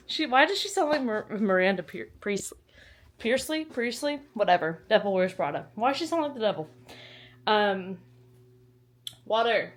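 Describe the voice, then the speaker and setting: A young woman from Texas chatting casually to camera in a home vlog, self-mocking, with sudden squeals and whispered asides. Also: mid-range voice. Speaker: book vlogger.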